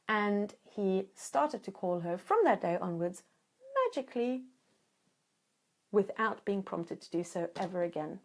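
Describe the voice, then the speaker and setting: A woman, a relationship coach giving an animated teaching talk and acting out the voices she quotes. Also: medium pitch, measured pace.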